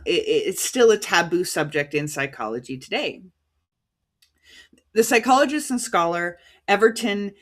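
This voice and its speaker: An American woman preaching a livestreamed sermon in a conversational, halting way, stopping to sort out names and titles as she reads them out. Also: lowish voice, fairly bright tone. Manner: conversational, halting, stops to reread cited titles.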